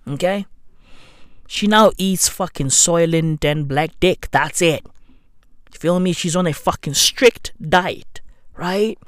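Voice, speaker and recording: Slow, slangy man ranting. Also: fairly high pitch, fairly bright tone, no echo, clean studio sound. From London. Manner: slangy, sardonic rant with mock apologies. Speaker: comedian and podcaster. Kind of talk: profane comedic monologue. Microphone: new studio microphone.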